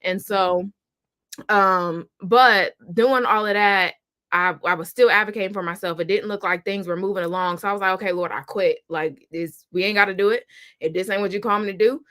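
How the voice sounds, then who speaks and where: Bright-voiced woman telling her story. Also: mid-range voice, normal speed. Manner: animated and emphatic, acts out her own past thoughts. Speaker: guest. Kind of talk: personal storytelling in a conversation.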